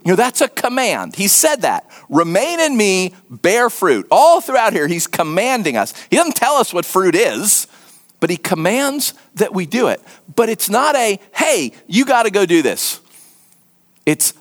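A man preaching a sermon in an earnest, emphatic way, sometimes dropping to a hushed voice and repeating words for stress. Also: high voice, big pitch swings, a little slow. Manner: repeats words and restarts when stressing a point. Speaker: pastor.

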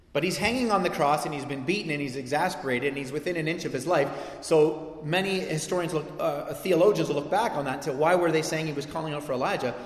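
A man preaching a sermon, conversational and then building to emphatic peaks. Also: a little high. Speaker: pastor. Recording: echoey hall with long reverb.

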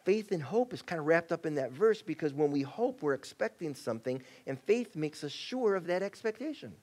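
A male pastor preaching a sermon in a conversational way, acting out quotes and shifting between excited bursts and quiet, soft passages. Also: fairly high pitch, a little fast. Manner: conversational preaching, acts out quotes, rising and dropping to a hush.

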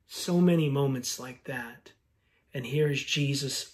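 A middle-aged male pastor preaching a sermon with slow, reflective delivery and long pauses. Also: medium pitch.

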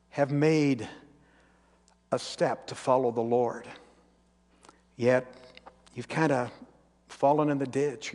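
Male pastor, sermon, earnest storytelling, high-pitched, long sanctuary reverb. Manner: earnest, storytelling, dropping to quiet intensity. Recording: long reverb of a large hall.

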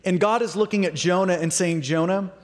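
A man preaching a sermon as pastor, animated and dramatic, acting out the voices in the story. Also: high-pitched, fairly quick. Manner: animated, acts out quoted voices. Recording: long reverb of a large hall.

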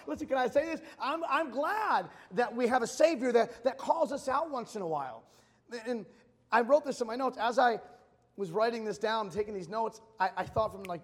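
A man's voice: high-pitched, animated, a little fast. A man in his thirties preaching a casual, conversational sermon, telling stories and repeating phrases for emphasis. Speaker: pastor. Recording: long hall reverb.

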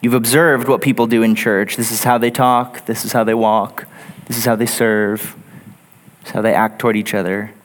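A man's voice: lowish voice, little pitch movement, normal speed. A man preaching a sermon in a church, earnest and building his points through lists and repetition. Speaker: pastor. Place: church sanctuary.

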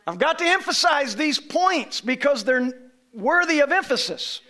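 A man preaching a sermon to a congregation, emphatic and rising to shouts on key phrases, leading call-and-response. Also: very high-pitched, sing-song, a little slow. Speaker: pastor. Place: church sanctuary.

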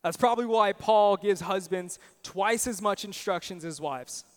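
Young guy preaching, high smooth voice, honest stories about his own faults, church echo. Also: normal speed. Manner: earnest, personal storytelling with self-deprecating asides. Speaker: pastor. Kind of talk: sermon.

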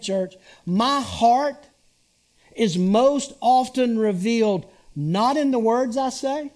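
Preaching slowly and deliberately, a pastor in his sixties uses a high, slightly mellow voice. His sermon feels like a conversation with the congregation, punctuated by rhetorical questions to check in.

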